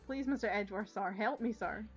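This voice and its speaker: A woman with a Scottish accent voicing an eager, dim young male police officer who ends nearly every line with "sir", loud and earnest, reading game dialogue aloud. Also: mid-range voice, fairly quick, lo-fi sound, soft background music, close to an everyday voice.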